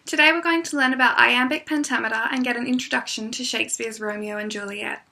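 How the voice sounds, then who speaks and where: A woman teacher giving a scripted classroom lesson, reading in a clear, measured way and reciting verse. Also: fairly high pitch, steady tone, sharp tone.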